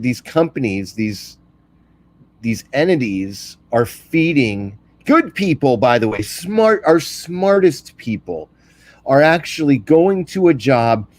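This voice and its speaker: A man in casual video-call conversation, talking in a halting, lecturing way. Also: mid-range voice, a little mellow, dry recording. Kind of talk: casual chat.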